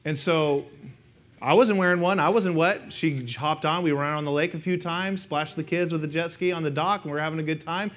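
Conversational pastor with a fairly high voice. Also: male voice, steady tone, normal speed, fairly bright tone. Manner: conversational, anecdotal, speaks directly to the congregation. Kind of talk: sermon. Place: church sanctuary.

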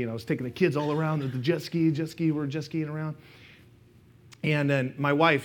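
A middle-aged pastor preaching in a church sanctuary, his voice sitting a little higher than most men's. He speaks in a loose, conversational way, mixing scripture with family stories and often turning to address the people in the pews. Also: fairly bright tone. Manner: conversational, anecdotal, speaks directly to the congregation. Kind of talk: sermon.

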